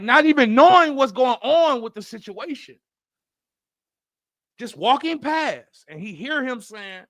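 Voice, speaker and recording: A man co-hosting a podcast in casual chat, telling animated, profane stories and acting out other people's voices. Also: extremely high pitch, moderate pace, no echo, studio quality. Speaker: podcast co-host.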